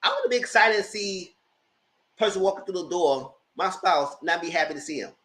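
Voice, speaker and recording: A man's voice: high voice, lively intonation, brisk, fairly bright tone. A man giving casual, slangy, gossipy commentary while reviewing reality TV. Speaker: TV show reviewer.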